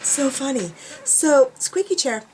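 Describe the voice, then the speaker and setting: A woman's voice: high-pitched, expressive, unhurried, a little mellow, a little hiss or hum. A woman vlogging from a room at home, chatting casually to camera in a self-mocking way, laughing often.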